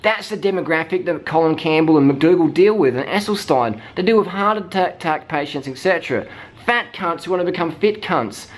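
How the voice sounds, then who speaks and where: A man's voice: on the high side, expressive, a little fast. A man ranting heatedly, swearing constantly and mimicking people in mocking voices. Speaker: vlogger. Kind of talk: profane rant.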